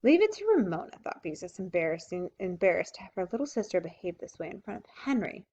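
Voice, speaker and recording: A woman reading a children's book aloud, with expressive, lively storytelling. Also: fairly low pitch, quick pace, slightly rough. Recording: dull lo-fi recording.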